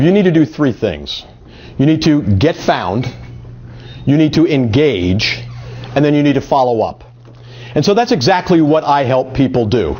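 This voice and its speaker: Lively male workshop presenter, lo-fi. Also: mid-range voice. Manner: energetic, coaxing audience volunteers. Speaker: marketing presenter. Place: meeting room at a group meetup. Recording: dull lo-fi audio.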